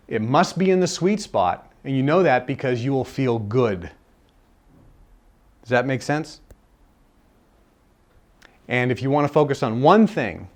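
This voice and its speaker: Earnest man teaching a live seminar. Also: medium pitch. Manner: earnest, repeats key phrases for emphasis. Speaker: seminar speaker. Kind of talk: live self-help seminar talk. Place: seminar room with a live audience.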